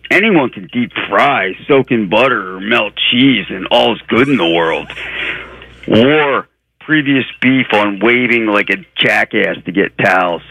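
Male caller, exasperated and blunt, bright voice, dry close sound. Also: on the low side, animated, unhurried, gravelly, no room sound, low-quality recording. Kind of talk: phone-in rant.

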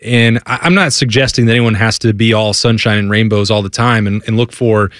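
A man's voice: fairly low pitch, steady tone, brisk, a bit bright, no room sound, clean studio sound. A man guesting on a sports radio show, talking casually in a self-deprecating, rambling way.

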